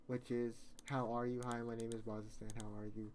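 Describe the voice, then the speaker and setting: A man's voice: medium pitch, flat delivery, brisk, hardly any pauses, darkish tone, a little hiss or hum. A man chatting casually on a live stream, rambling and joking, often correcting himself mid-sentence.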